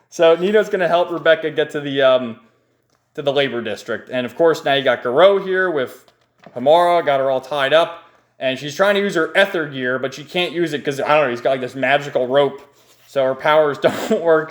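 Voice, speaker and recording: A man's voice: a little high, fairly quick. A man casually recapping a comic book page by page, enthusiastic and rambling, chuckling often. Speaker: manga reviewer.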